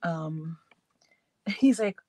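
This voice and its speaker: A woman's voice: low-pitched, very slow, dark tone, no room sound. A woman hosting a crafting live stream, chatting casually with her viewers and laughing often as she works. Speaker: crafting channel host.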